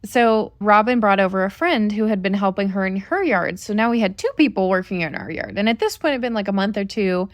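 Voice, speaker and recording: A woman's voice: mid-range voice, lively intonation, brisk, hardly any pauses, no room sound. A woman co-hosting a family podcast, telling a personal story in an earnest, reflective way. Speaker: podcast co-host. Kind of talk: casual storytelling chat.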